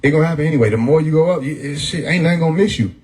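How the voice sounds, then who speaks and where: A man's voice: on the high side, very fast, a little mellow, poor audio. A man talking casually on a livestream, laid-back and profane, often laughing as he talks. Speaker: livestream host. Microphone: phone mic.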